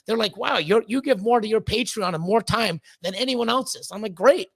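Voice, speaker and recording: With no room sound, a man with a high voice speaks at normal speed as a guest on a podcast. He's a snake breeder, and his candid conversation turns into a blunt, profane rant where he repeats words as he gets worked up.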